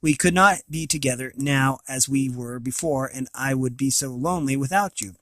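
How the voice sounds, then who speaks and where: A man reading a novel aloud, voicing a solemn male unicorn who speaks calmly and formally. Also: medium pitch, moderate pace, dry recording, lightly acted. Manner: calm, resigned, formal.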